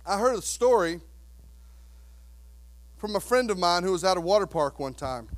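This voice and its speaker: A male pastor preaching a sermon, telling a story with acted-out voices and dropping to hushed, earnest tones. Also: high-pitched, expressive, moderate pace.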